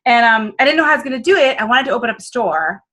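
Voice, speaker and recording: Very fast and animated, this woman's slightly high, sharp voice comes through poor audio. As a business consultant guest from the American Midwest with a Midwestern accent, she tells candid stories at her own expense in an interview, chatty and full of fillers and quoted asides.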